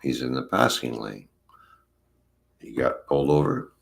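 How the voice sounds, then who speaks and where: A man's voice: a bass voice, big pitch swings, measured pace, gravelly. A man hosting a casual live stream, telling rambling, profane trucking anecdotes and acting out the dialogue. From Canada. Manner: rambling anecdote-telling, swears freely, acts out quoted dialogue. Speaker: stream host and former long-haul trucker.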